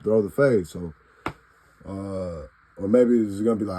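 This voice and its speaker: A man with a low, mellow voice talks casually into his phone camera. He rambles bluntly and swears freely, and he keeps acting out the comebacks he would say to people. His tone stays relaxed and dark rather than sharp. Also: moderate pace, low-quality recording. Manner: profane, blunt, rambling, acts out what he'd say to people. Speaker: vlogger.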